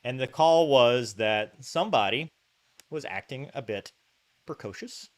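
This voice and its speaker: A man hosting a podcast, telling an anecdote in casual chat, animated and full of asides. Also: mid-range voice, measured pace. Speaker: podcast host.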